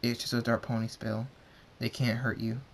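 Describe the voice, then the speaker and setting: A man's voice: mid-range voice, moderate pace, a little hiss or hum, close to an everyday voice. A man reading a fan story aloud, voicing a protective pegasus father in his own plain voice. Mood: calm. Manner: plain, steady delivery; yells in panic. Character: caring adult pegasus stallion father, protective.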